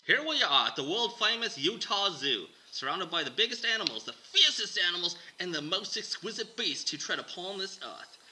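Guy hamming up a loud, high, over-the-top aussie wildlife host, bright voice. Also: very animated, moderate pace, few pauses, slight background noise, full character voice, poor audio. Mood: theatrical. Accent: put-on Australian. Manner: loud, theatrical, lecherous. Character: overexcited Australian male wildlife show host.

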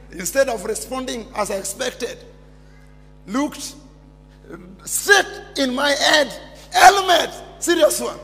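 A man with a Kenyan accent preaching a fiery sermon, jumping from shouts down to near-whispers. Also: extremely high pitch, gravelly. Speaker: pastor. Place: large church hall. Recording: long church reverb.

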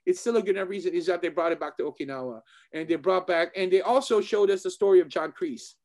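A man, a martial arts instructor, chatting casually as co-host, animated and excitable, often repeating himself. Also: sits high, fast talker. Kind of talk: casual chat.

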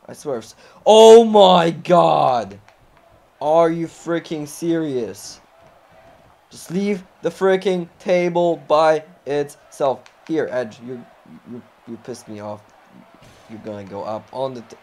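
Frustrated young gamer yelling at the game. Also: male voice, fairly high pitch, slow pace, creaky. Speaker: gamer recording a playthrough. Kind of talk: live gameplay commentary.

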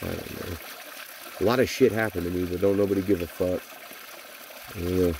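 A deep-voiced man in his forties delivers a bitter vlog rant that is thick with swearing. His voice sits very low. Faint running water trickles behind him. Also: steady tone, a little fast, a little mellow, a little hiss or hum. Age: 40s. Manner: bitter, profane ranting. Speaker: vlogger. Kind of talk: venting vlog monologue.

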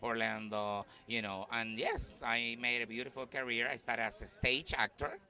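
A middle-aged man with a Puerto Rican Spanish accent, a Spanish speaker talking English as a stand-up comedian being interviewed at a festival, animated and excitable. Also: moderate pace. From Puerto Rico. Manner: animated, excitable, lively swings in pitch. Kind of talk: festival red-carpet interview. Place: busy festival event in New York.

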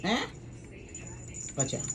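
A woman's voice: takes it slowly, fairly bright tone, faint music behind. Woman coaxing her cats. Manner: coaxing, sing-song, repeats commands. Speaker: vlogger. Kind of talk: casual talk to her cats.

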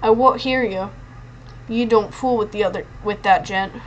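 A woman doing a squeaky, sly thug. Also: moderate pace, highs cut off, a little hiss or hum, natural voice. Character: rickety, skinny male thug with a squeaky voice and a sly grin.

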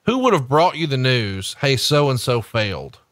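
A man's voice: medium pitch, very animated, fairly bright tone, dry recording, studio quality. A man co-hosting a podcast, doing a salesy ad read and then asking questions in a casual way. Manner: salesy and emphatic, spells out web addresses slowly. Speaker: podcast co-host.

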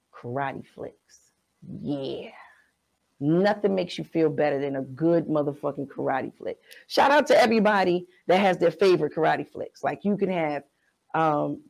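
A woman's voice: on the low side, vocal fry, a little mellow, poor audio. A woman, frankly telling a personal story as a podcast host in a profane, conversational way.

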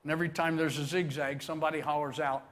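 Joking preacher in a reverberant church. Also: male voice, on the high side, flat delivery, quick pace, a bit bright. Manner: folksy, joking preaching with swelling emphasis. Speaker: pastor. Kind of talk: sermon. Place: church sanctuary.

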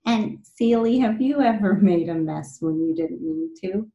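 A woman reading a picture book aloud to children, expressive and pausing to ask them questions. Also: on the low side, highs cut off. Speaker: read-aloud storyteller for children. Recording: echoey room.

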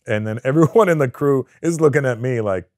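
Brisk and mid-range, this guest comedian from Canada is a profane, animated storyteller in a relaxed sit-down interview. He curses freely and performs the voices of those he quotes, recorded in clean studio sound without echo.

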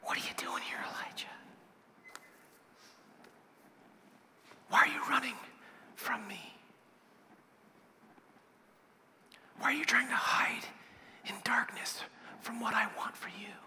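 A man voicing God in a whispered role-play, hushed and pleading, with a long hall reverb. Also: very high-pitched, moderate pace, voice pushed up, full character voice. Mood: whispering. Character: God, a divine male voice calling gently.

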